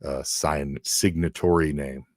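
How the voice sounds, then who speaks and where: This man's bass voice is a little mellow, with fairly even intonation and a measured pace, captured in a dry, studio-quality recording. Co-hosting a casual podcast, he recounts a story energetically and imitates other people's voices while sounding worn out and breathless.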